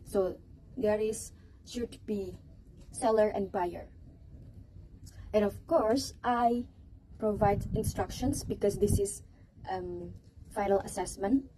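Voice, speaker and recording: A woman's voice: medium pitch, slow pace, pauses often, warm tone, slight background noise, low-quality recording. A woman presenting a teaching project to a class, hesitant, with fillers and restarts.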